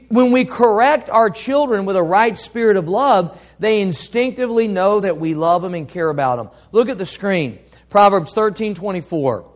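A man preaching a sermon as pastor, emphatic, swinging up and down for effect and reading scripture slowly. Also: high voice.

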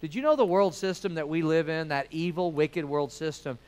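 A middle-aged pastor preaching a sermon in a folksy, storytelling way. His voice sits high for a man and rings clear and smooth. He pushes key words loudly, then drops to quiet asides. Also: moderate pace, rough recording.

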